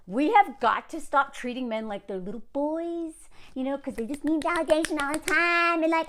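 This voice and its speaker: A woman in her thirties talking in a casual commentary vlog, animated and sarcastic, rambling with lots of fillers and restarts. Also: high voice, moderate pace. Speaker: commentary creator.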